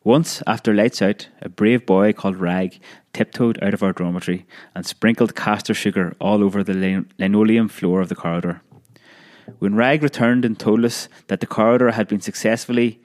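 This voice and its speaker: Low-voiced man reading a memoir. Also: fairly even intonation, a little mellow. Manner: measured, with occasional restarts. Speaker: narrator.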